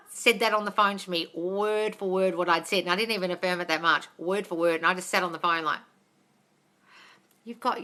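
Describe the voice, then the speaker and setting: A woman's voice: fairly high pitch, bright, forceful tone. A woman coaching viewers on a casual livestream from home, blunt and sweary, calling them darling. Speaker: manifesting coach answering live chat questions. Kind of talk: casual live-stream chat. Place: home, dog barking nearby. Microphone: phone livestream.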